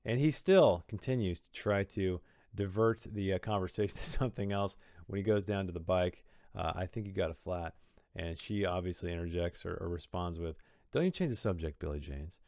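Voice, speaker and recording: A man with a low, steady voice speaks at a moderate pace with a darkish tone, recorded cleanly in a studio with no room sound. He's the author of a story, reflecting on his own writing and explaining his choices in a thoughtful, rambling manner that restarts often.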